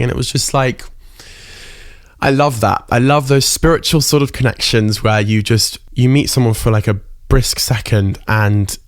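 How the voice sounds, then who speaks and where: A man's voice: medium pitch, fairly even intonation, normal speed, dry recording. A young man hosting a solo podcast, talking candidly and emotionally, close to tears, with casual swearing. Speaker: podcast host.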